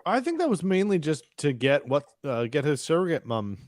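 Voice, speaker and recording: A man co-hosting a casual podcast chat, reviewing a TV episode, talking in an animated way, swearing and acting out scenes in quoted voices. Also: fairly high pitch, moderate pace, dry recording, clean studio sound. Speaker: podcast co-host.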